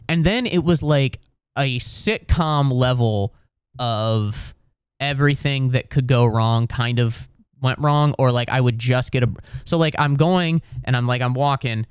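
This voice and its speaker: American man, comedian telling a story, smooth voice, dry close sound, profane, lots of filler words. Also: medium pitch, takes it slowly, dry recording. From United States. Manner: animated, profane, filler-heavy. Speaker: comedian podcast host.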